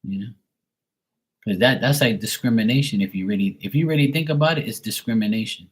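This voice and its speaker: A man reading tarot on a live stream, chatting bluntly to a viewer, swearing freely and getting animated when worked up. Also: fairly low pitch, brisk, breathy edge, poor audio. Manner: blunt, swears often, talks straight to a viewer. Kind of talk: casual live-stream chat.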